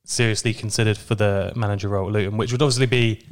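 A man hosting a casual football podcast, relaxed as he leads the discussion. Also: on the low side, quick pace. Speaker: podcast host.

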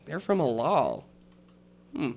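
A man's voice: medium pitch, huge pitch swings, slow pace, vocal fry, darkish tone, voice pushed up, exaggerated voice. A man voicing a very short, officious gnome woman who works as a clerk, talking in a businesslike way and muttering while she looks things up. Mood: brisk.

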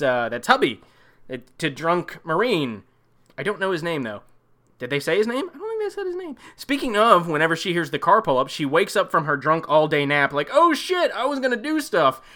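Sarcastic podcast guy riffing on a movie, swears a lot, highish bright voice. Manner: sarcastic, rambling, swears freely. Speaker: podcast host.

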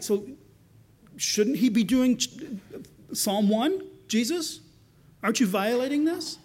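A man preaching a sermon with a fairly high voice. He talks in an easy, conversational way, breaking off to restart phrases and putting rhetorical questions to his listeners. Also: animated, slow pace, pauses often, darkish tone. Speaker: pastor.

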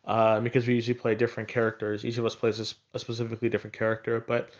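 A man's voice: mid-range voice, monotone, rapid-fire, dull audio. A man talking in a casual, rambling way about games he has been playing, with many fillers and restarts. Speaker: podcast co-host.

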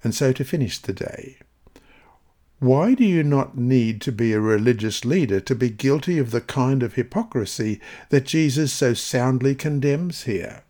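A man's voice: mid-range voice, expressive, moderate pace, mellow. Earnest man reading a devotional. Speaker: devotional reader. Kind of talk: scripted devotional Bible reading.

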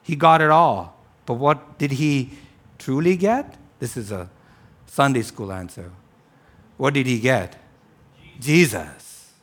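A man preaching a sermon, swinging between loud exclamations and low, quiet stretches, with frequent "right?" asides and restarts. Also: lively intonation, slow pace, pauses often. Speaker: pastor.

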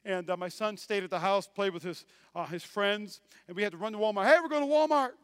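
A man preaching a sermon as pastor, swinging between loud declarations and quiet asides. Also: high voice, fairly even intonation, brisk, clean tone, no echo, studio quality.

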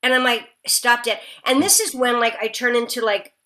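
A woman guest telling an animated, self-deprecating anecdote in casual chat, full of "like" and "you know". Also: fairly high pitch, brisk. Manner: lively, self-deprecating storyteller with many fillers. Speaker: actress guest.

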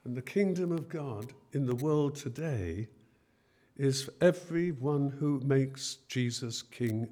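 Man preaching in church, storytelling sermon, casual retellings, middle pitch. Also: expressive, takes it slowly, mellow. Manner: storytelling, retelling scenes in everyday speech.

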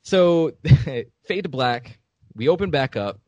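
A man's voice: fairly high pitch, lively intonation, slow, a little mellow, dry recording, highs cut off. A man on a podcast in casual chat, animatedly retelling a game scene and acting out the characters' lines. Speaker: podcast co-host.

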